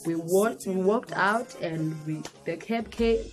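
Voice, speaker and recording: A young woman vlogger tells a personal story, animated and dramatic, mixing in Xhosa phrases. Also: lowish voice, slow pace, music in the background. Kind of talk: storytime vlog.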